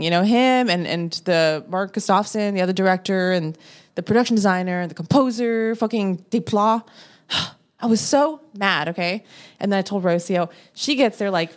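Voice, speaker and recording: Woman, podcast guest, casual storytelling, animated, acts out her own quotes, mid pitch. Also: brisk.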